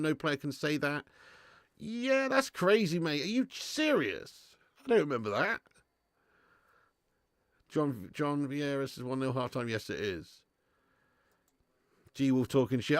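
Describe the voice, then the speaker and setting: Lively man hosting a watch-along. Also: a little high, dry recording, studio quality. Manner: animated banter with swearing, reads and answers chat. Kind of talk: live watch-along chat with viewers.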